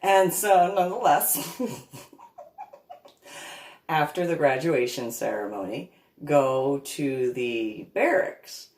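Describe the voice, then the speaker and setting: A woman telling a rambling personal anecdote, laughing often and slipping into a high, babyish voice when she quotes. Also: lively intonation, slow, long pauses, darkish tone. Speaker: storyteller. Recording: echoey room, far from the mic.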